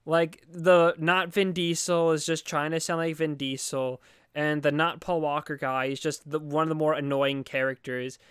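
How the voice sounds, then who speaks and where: A man's voice: on the high side, little pitch movement, normal speed, a bit bright, clean tone, dry recording, clean studio sound. A man co-hosting a podcast, chatting casually and sarcastically about a movie, rambling and swearing. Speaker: podcast co-host. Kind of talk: casual movie review chat.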